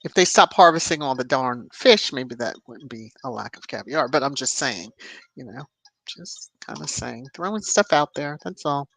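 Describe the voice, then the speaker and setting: A woman hosts a relaxed livestream, reading viewers' comments and adding sassy, chatty remarks. She punctuates her talk with knowing hums and easy laughter. The sound is dry and close, with no room echo. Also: rumbling low, normal speed, vocal fry. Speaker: livestream host.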